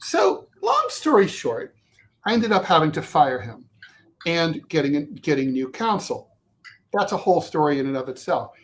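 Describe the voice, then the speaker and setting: A man co-hosting a talk show, telling a long personal story in casual chat, animated and swearing, with many restarts and asides. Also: on the high side, normal speed. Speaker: co-host.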